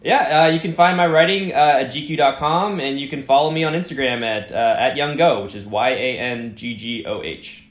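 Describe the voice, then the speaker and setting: A man's voice: mid-range voice, fairly quick, few pauses, fairly bright tone, reverberant. A Canadian man chatting casually as a podcast guest, rambling with many fillers and restarts. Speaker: podcast guest, fashion editor. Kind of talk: casual chat.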